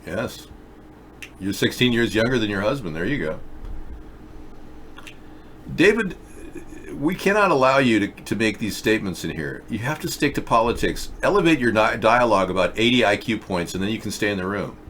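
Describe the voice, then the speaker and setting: Reading viewer comments aloud and rambling through stories, a man hosts a casual video chat show. His voice is lowish and fairly bright, his intonation lively, his pace brisk, and there's a little hiss or hum.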